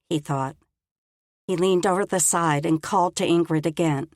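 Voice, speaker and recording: A woman narrating a story in a calm, measured audiobook reading. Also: fairly low pitch, dry recording, clean studio sound. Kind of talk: scripted narration.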